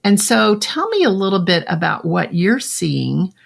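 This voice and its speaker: Gravelly-voiced woman hosting an interview. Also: mid-range voice, very animated, a little slow. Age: middle-aged. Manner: warm affirming interjections, long framing questions. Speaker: podcast host. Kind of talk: conversational interview.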